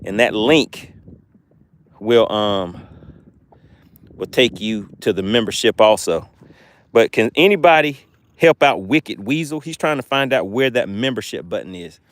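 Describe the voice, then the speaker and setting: In a fairly low, expressive voice, a man from Georgia with a Southern US accent chats with viewers and reads comments on his outdoor fishing livestream by the water. He takes his time, leaving long pauses, and the recording is dry.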